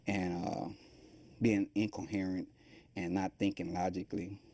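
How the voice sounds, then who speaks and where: A man's voice: low voice, unhurried, dry recording. A middle-aged man being interviewed about his life, telling it in a loose, rambling way and acting out the voices of the people in it. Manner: animated storytelling, acting out quoted voices; loose, rambling colloquial speech. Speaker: guest.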